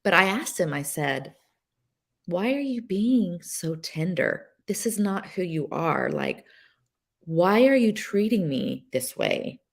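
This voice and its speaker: A woman guest sharing a personal story on a podcast, emotional and halting, with many fillers and restarts. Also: lowish voice, sing-song, creaky. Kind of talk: candid personal testimony.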